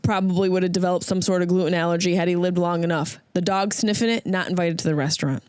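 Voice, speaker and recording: A woman's voice: lowish voice, fairly even intonation, quick pace, a little mellow, smooth, no echo. A woman comedian hosting her podcast, riffing through a comedic monologue and slipping into silly voices.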